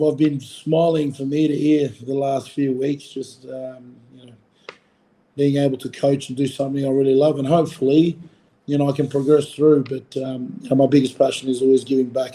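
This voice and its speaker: In Fiji, a man in his forties with an Australian accent, once a rugby player and now a coach, talks casually in an interview. His medium-pitched voice is warm, the recording low in quality, and he rambles, full of fillers and restarts.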